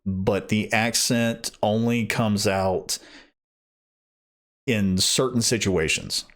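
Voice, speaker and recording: A man reading an audiobook, talking casually to listeners afterwards in a slow, rambling way that keeps correcting itself. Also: on the low side, fairly bright tone. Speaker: audiobook reader.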